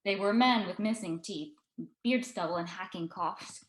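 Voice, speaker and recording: A woman author reading her own story aloud in an expressive, dry narrating voice. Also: mid-range voice, normal speed. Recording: echoey room.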